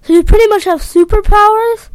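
An eager, curious boy full of ideas in a storybook reading, voiced by a woman. His voice sits high and bright with excitement. The recording is dry and close. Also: brisk, no echo. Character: curious helpful boy in a hoodie.

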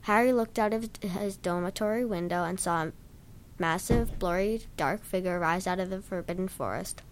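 A woman reading a story aloud in a plain, steady storytelling manner with a few stumbles. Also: fairly low pitch, moderate pace, a little hiss or hum. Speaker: reader.

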